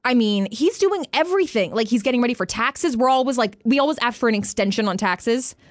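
A woman's voice: fairly high pitch, lively intonation, fairly quick, no echo. A woman co-hosting a casual talk show, blunt and jokey, swearing freely. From Mexican heritage. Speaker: co-host. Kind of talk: casual radio show banter.

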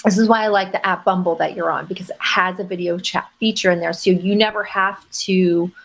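A woman's voice: fairly low pitch, steady tone, fairly quick, vocal fry, a bit bright. Emphatic woman giving dating advice. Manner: emphatic, acts out sample messages in quoted voices. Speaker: dating coach. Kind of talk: advice talk on a podcast.

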